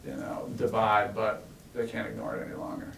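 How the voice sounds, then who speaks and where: Middle-aged male ex-executive, gravelly, animated anecdotes, recorded far off in an echoey room. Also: lowish voice, brisk. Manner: animated, laughs while recounting anecdotes. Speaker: former tech executive sharing stories. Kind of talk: relaxed storytelling in a Q&A. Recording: roomy and from far off with faint noise.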